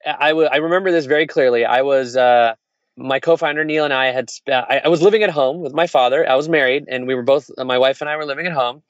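A man in his forties tells a personal business story at a fast clip, frank and full of restarts. His voice is mid-pitched, and the recording sounds dull and dry. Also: no room sound. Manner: fast, candid, laughs and restarts often. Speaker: entrepreneur, podcast guest. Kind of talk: casual storytelling conversation.

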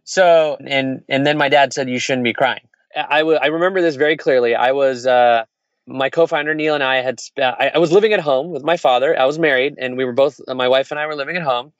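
Speaking briskly at medium pitch, a male entrepreneur rambles candidly through a personal story in casual conversation. There's no echo, but the recording sounds dull and lo-fi.

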